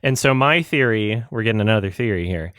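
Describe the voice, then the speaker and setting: A man's voice: on the low side, expressive, fairly quick, fairly bright tone, clean tone, no echo, studio quality. A man co-hosting a podcast, telling a rambling story in casual chat, laughing often and restarting sentences. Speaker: podcast co-host.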